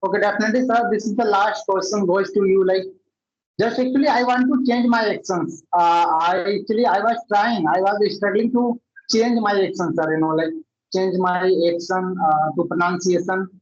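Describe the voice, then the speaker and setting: A man's voice: sits high, steady tone, normal speed, highs cut off. A man from India speaks hesitantly and politely as a learner, repeating himself and addressing his partner as sir. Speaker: English learner. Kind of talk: conversational English practice session.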